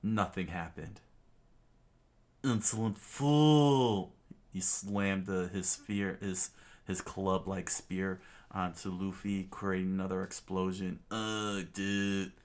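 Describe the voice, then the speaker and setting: Low, unhurried man reading a comic aloud. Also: monotone. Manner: halting, frequent restarts and fillers. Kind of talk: casual comic read-along.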